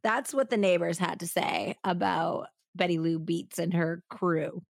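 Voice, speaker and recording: A woman's voice: on the low side, steady tone, a little slow, creaky, no room sound, studio quality. A woman hosting a true crime podcast, telling the story casually with a twang, laughing often and doing drawling voices for quotes. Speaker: podcast host.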